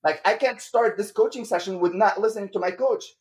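Lebanese-born man telling a lively story. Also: sits high, a little fast. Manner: acts out quoted voices, says bro often. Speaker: guest entrepreneur. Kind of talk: animated storytelling.

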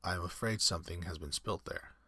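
A man voicing a proper, fastidious lady of the house, with a prim, brisk delivery. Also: low-pitched, pushed and bright, breathy edge, no room sound, studio quality, heavily acted.

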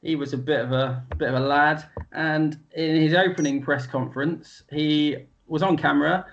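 Wry man, slightly higher voice. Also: fairly even intonation, normal speed, a bit bright, dull audio. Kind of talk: casual anecdote telling.

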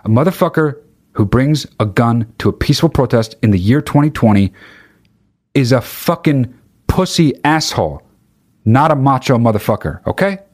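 A man's voice: medium pitch, lively intonation, normal speed, darkish tone. A male podcast host in a casual, exasperated rant, swearing constantly.

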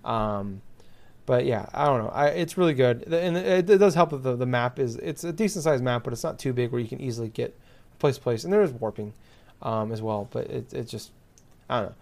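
A man's voice: mid-range voice, animated, brisk, creaky, darkish tone. A man chatting casually who rants with exasperation and swears freely. His speech is loose and filled with fillers. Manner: profane, exasperated ranting with many fillers. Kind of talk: casual chat.

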